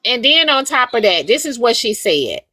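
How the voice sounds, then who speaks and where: A woman's voice: a little high, moderate pace, no echo, studio quality. A woman hosting a livestream, talking casually and emphatically to her viewers and repeating her points. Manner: animated, repetitive, emphatic addressing of viewers. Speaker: livestream host.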